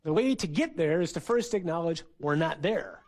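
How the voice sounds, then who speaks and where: Conversational preaching priest, slightly high voice. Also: male voice, lively intonation, moderate pace, darkish tone. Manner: conversational storytelling. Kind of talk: sermon. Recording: radio broadcast.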